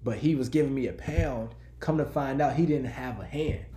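A man in casual chat, telling a joking, animated story. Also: mid-range voice, normal speed, reverberant. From United States.

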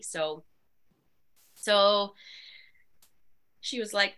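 A woman guest on a podcast recounts her story candidly. Her voice has a bright, crisp edge, and she talks in an animated way with many fillers. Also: fairly low pitch, moderate pace, long pauses. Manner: animated, with frequent fillers and laughs.

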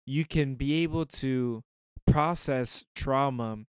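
A man co-hosting a casual faith discussion who speaks in a thoughtful, halting, earnest way. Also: medium pitch, smooth, dry recording. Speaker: podcast co-host.

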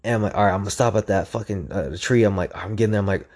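A man's voice: on the low side, rapid-fire, a little mellow. A young man telling a story in a casual, intense way, swearing often, repeating phrases and acting out his own inner voice. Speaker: storyteller recounting a hard run.

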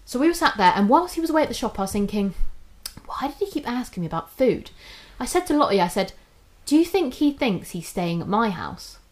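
A young woman casually tells a story on a podcast, speaking briskly in a fairly high voice. She's animated, swears often, and acts out what people said.

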